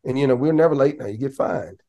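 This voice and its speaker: A man talking casually as a podcast guest, telling lively stories and breaking into raised voices to act out what others said. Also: medium pitch, quick pace. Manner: animated, laughing, acts out quotes in raised voice. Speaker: podcast guest, basketball coach. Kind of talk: casual storytelling.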